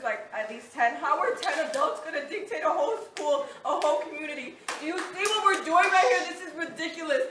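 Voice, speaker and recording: A woman's voice: high voice, bright, forceful tone. A teenage girl, a student, giving a heated public comment at a school meeting, defiant and laughing between words. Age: teens. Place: crowded school meeting room. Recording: echoey room, distant mic, crowd noise.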